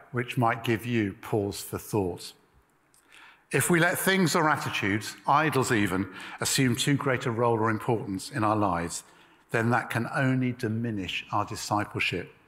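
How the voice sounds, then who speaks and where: A man preaching a sermon in a measured, emphatic way, with pauses. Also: medium pitch, animated, fairly bright tone, big-room sound.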